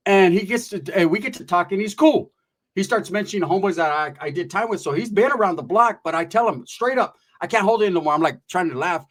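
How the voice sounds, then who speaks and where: A man telling a comic story in an animated, profane, slangy way. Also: high-pitched, fast. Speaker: comedian storyteller.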